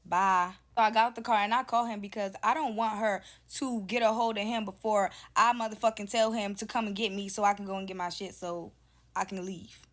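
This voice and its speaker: A woman's voice: medium pitch, fairly quick. A young adult woman telling a storytime vlog in a casual, sassy, profane way, acting out what people said. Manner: animated, profane, sassy, acts out quotes.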